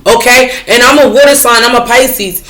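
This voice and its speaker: Here a woman with a sharp, somewhat high voice talks at a moderate pace. As a tarot reader addressing her viewers in relaxed spiritual conversation, she is chatty and blunt, drops profanity freely, and keeps asking, "you know what I'm saying?"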